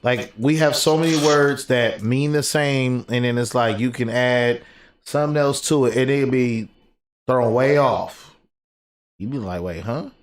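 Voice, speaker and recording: A man co-hosting a podcast in casual chat, animated and acting out little exchanges as he talks. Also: medium pitch, measured pace. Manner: animated, acts out quoted texts and arguments. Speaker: podcast co-host. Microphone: desk USB microphone.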